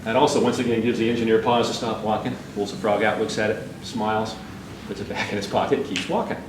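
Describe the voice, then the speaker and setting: A man working for a carmaker, telling a relaxed anecdote before presenting a car. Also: on the low side, quick pace. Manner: relaxed storyteller, amused. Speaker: automaker spokesman. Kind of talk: telling a joke, then introducing a car. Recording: distant, roomy, with background noise.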